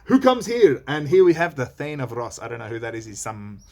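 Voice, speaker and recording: A man's voice: medium pitch, lively intonation, fast talker, creaky, a little mellow. A man teaching a read-along lesson, reading lines aloud and explaining them in a chatty, slangy way.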